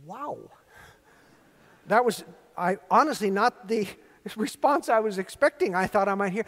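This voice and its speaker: A man's voice: high voice, expressive, a little slow, long pauses, fairly bright tone. A male pastor preaching an earnest sermon, telling stories and building emphatic repeated phrases. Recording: long reverb of a large hall.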